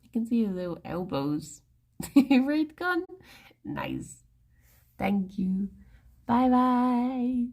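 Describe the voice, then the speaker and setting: A woman's voice: mid-range voice, wildly swooping pitch, slow pace, long pauses, mellow. A woman in her thirties with an English accent, chatting casually and playfully with stream viewers, giggling often. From England. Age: 30s. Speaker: livestreamer.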